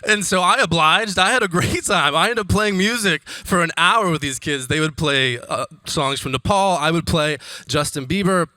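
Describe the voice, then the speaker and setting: Young man, comic storyteller, from iowa, bright, dry mic sound, lively. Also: fairly high pitch, moderate pace, few pauses, no echo. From Iowa, United States. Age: young adult. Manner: animated, laughs often while telling stories. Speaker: comedian. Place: conference stage.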